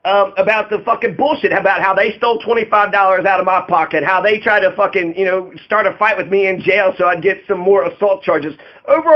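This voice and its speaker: High-voiced man ranting, profane and aggrieved. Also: a little fast, muffled recording. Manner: profane, aggrieved, rambling with many fillers. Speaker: political candidate. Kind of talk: angry monologue about his arrests.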